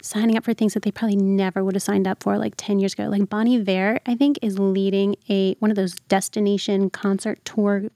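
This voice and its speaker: A woman's voice: medium pitch, little pitch movement, fairly quick, hardly any pauses, warm tone, dry recording. Chatty woman telling stories, dry sound. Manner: chatty storyteller, many "like" fillers. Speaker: culture writer, podcast guest. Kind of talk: casual interview chat.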